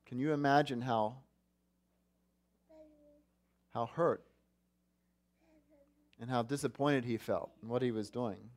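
A man's voice: mid-range voice, unhurried. A man preaching a sermon, earnest and asking his listeners questions. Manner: earnest, asks the congregation questions. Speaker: pastor.

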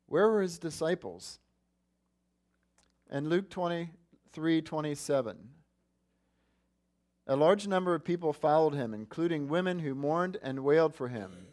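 A pastor with a slightly high, somewhat dark-toned male voice delivers a sermon. He speaks earnestly and puts questions to his congregation.

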